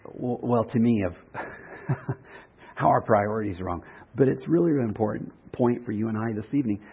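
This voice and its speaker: A man preaching a sermon in a relaxed, conversational way, with restarts and light humor. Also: medium pitch, breathy edge, muffled recording. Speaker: pastor.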